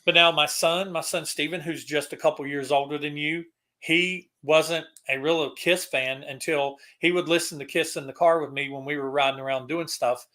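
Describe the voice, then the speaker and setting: A man's voice: a little high, steady tone, moderate pace, bright, forceful tone. A middle-aged man hosting a casual online chat, rambling and often restarting his sentences. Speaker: podcast host.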